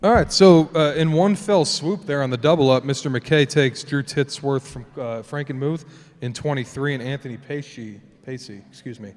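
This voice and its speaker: A man emceeing a live player draft, brisk and wry, announcing picks and player details. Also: medium pitch, a little mellow. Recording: long hall reverb.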